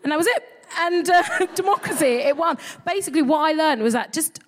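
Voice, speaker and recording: A woman's voice: high-pitched, expressive, a little fast. Chatty woman telling stories. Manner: chatty storytelling with giggles. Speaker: guest co-host, actress. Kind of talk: live comedy podcast chat. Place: live venue stage.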